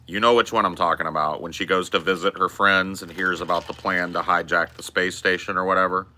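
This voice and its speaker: A man's voice: deep voice, steady tone, brisk, bright, forceful tone, a little hiss or hum. A man hosting a podcast, riffing in casual, profane and emphatic chat about movies. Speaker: podcast host.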